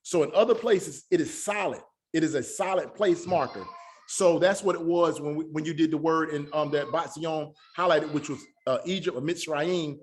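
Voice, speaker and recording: A man teaching a Hebrew class, speaking patiently and repeating words slowly for his students. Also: on the high side, a little hiss or hum. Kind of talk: classroom lesson.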